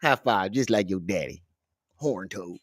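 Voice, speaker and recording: A man's voice: low voice, animated, unhurried, background noise. A man hosting a livestream, reacting in a casual, joking and emotional way. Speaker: host.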